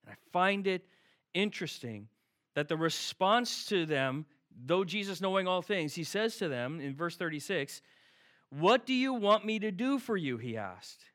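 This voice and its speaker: High-voiced man preaching a sermon. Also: very animated, measured pace, fairly bright tone. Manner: conversational, asks rhetorical questions. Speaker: pastor. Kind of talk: sermon with prayer. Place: preaching to an online audience at home.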